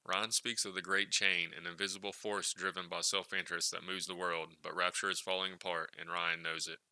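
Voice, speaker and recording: A man giving scripted narration for a video retrospective, in a steady, explanatory manner. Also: deep voice, brisk, dry recording, rough recording.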